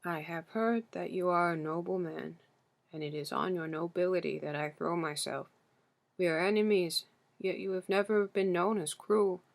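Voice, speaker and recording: A woman reading the part of an aged, grieving king, speaking slowly and humbly with a foreign accent. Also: lowish voice, steady tone, vocal fry. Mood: pleading. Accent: foreign-accented speech as the figure. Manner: slow, careful pleading speech. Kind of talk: audiobook character reading.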